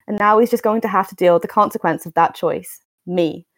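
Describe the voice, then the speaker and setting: A woman's voice: fairly low pitch, a little fast, dry recording, studio quality, natural voice. A woman reading as a pushy young man. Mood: insistent. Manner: firm, insistent, calmly stubborn.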